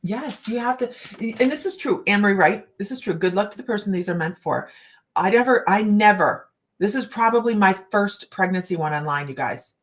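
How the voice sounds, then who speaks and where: A woman's voice: mid-range voice, lively intonation, brisk. A middle-aged woman reading cards on a casual live chat, rambling and laughing often. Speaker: psychic card reader.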